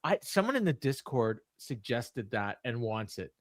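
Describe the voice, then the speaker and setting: A man co-hosting a wrestling podcast recaps a show in casual chat, telling it as a story and laughing often. His voice is medium-pitched and very animated at normal speed. He records from a home studio on a remote call, with no room sound.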